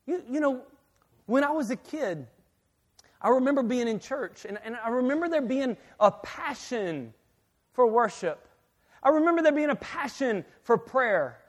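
A man preaching a sermon as pastor, swinging from quiet talk to loud, emphatic reading, often restarting and repeating his words. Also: very high-pitched, very animated, moderate pace. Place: church sanctuary. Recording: long hall reverb.

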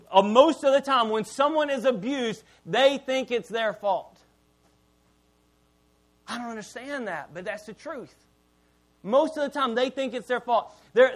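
A middle-aged pastor with a notably high voice delivers a sermon in a relaxed, conversational way. He is candid and self-deprecating, and he often sinks low and quiet to land a point. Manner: conversational preaching, dropping low and quiet for emphasis.

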